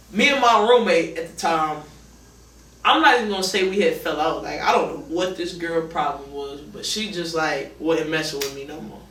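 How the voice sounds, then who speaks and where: Young woman, documentary interviewee, loose rambling delivery, bright forceful voice, distant mic in a roomy space with music underneath. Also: low voice. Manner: casual, rambling, many fillers. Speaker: documentary subject. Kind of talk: recounting a personal story in an interview.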